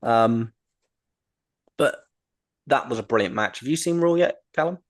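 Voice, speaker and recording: A man's voice: medium pitch, expressive, a little slow. A man hosting a wrestling podcast, chatting casually and enthusiastically, with lots of ums and restarts. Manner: rambling, enthusiastic, frequent ums. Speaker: podcast host.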